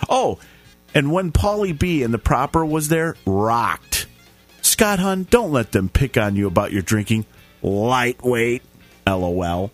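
A man's voice: mid-range voice, lively intonation, measured pace, soft background music. A man co-hosting a casual podcast, reading listener comments aloud in a jokey way and stumbling over the words. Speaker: podcast co-host.

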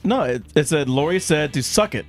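A man's voice: on the high side, lively intonation, fairly quick, over music. A man co-hosting a podcast, reading listener comments playfully in casual chat. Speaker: podcast co-host.

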